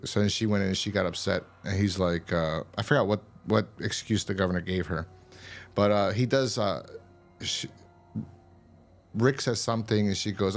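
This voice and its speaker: A man's voice: on the low side, normal speed, pauses often, faint music behind. A man hosting a show, casually recapping a TV episode in a loose, rambling way, full of fillers and swearing. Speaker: show host reviewing a TV episode.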